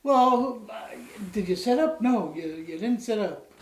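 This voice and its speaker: A man's voice: high-pitched, animated, a little slow, distant mic. Rambling joking man in an echoey room. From Canada. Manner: rambling, jokey, says "anywho" often. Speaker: co-host. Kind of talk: casual beer-tasting chat.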